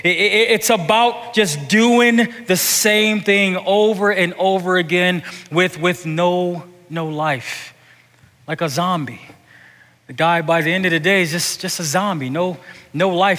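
A male pastor preaching a sermon. He repeats and restarts words and swings from hushed to loud. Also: fairly high pitch, a little slow. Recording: echoey hall reverb.

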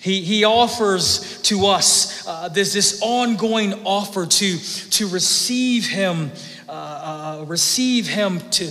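A male pastor preaches in a slow, unhurried sermon. His voice is somewhat high and bright. He often stumbles and repeats words, and a long reverb trails behind him in the hall.

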